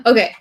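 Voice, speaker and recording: A woman streamer reading lyrics aloud in a deadpan way and chatting with her audience. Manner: slow, deadpan lyric reading with bursts of laughter.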